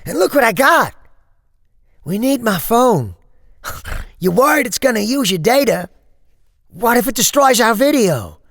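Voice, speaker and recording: A woman voicing a brash, excitable young country boy who blurts his lines loudly. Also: a little high, a little slow, long pauses, no echo, clean studio sound, pitched above the performer's own voice, heavily acted. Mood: excited. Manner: loud, eager and blurting. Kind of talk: horror story reading.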